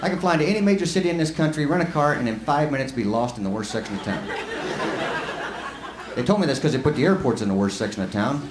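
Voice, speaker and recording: A man's voice: medium pitch, expressive, fast talker, reverberant, a crowd in the background, noisy background. A man from Lubbock doing a live stand-up set, folksy and rambling as he tells stories. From Lubbock, Texas. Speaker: stand-up comic. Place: comedy club stage. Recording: live club with loud laughing audience.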